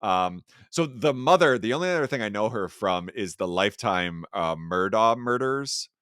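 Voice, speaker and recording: Animated man hosting a podcast. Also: lowish voice, moderate pace, no room sound, clean studio sound. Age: middle-aged. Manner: laughs often, animated storytelling. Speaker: podcast host. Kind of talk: casual podcast chat.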